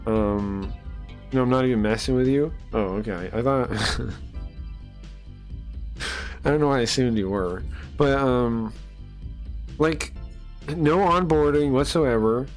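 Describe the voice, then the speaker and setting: A man's voice: mid-range voice, slow pace, pauses often, soft background music. A man live-streaming and ranting to his chat, incredulous and exasperated, with lots of fillers. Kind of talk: casual live-stream rant.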